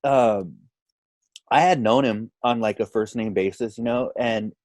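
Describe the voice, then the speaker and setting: A man tells a casual story in an animated way, jumping into quoted lines as he goes. His voice sits at a middling pitch. The recording is dry and close, with no room sound. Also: unhurried, no echo. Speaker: podcast guest.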